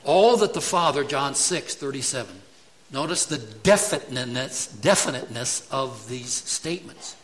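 A man's voice: mid-range voice, lively intonation, moderate pace, a bit bright, poor audio. A man preaching a sermon emphatically, asking the congregation rhetorical questions. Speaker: pastor.

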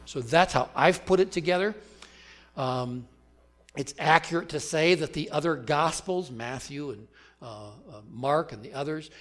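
A man's voice: a little high, fairly bright tone. Earnest male pastor preaching a sermon. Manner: earnest, emphatic, asks the congregation questions. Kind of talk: expository sermon.

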